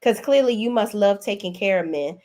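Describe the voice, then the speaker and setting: A woman's voice: medium pitch, expressive, moderate pace, a little mellow. A woman hosting a casual gossip commentary show, talking in a sassy, blunt, exclaiming way. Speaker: host.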